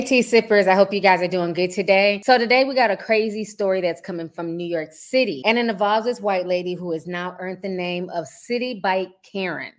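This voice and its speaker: A woman hosting a casual online news commentary, talking straight to her viewers in a chatty way. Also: mid-range voice. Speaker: host.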